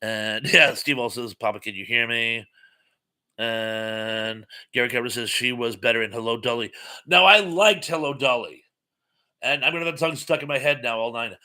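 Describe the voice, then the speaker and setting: A man hosts an impromptu live stream, reading viewer comments aloud and chatting loosely in a rambling way, full of ums and uhs. His medium-pitched voice moves at a moderate pace with a bright, forceful tone.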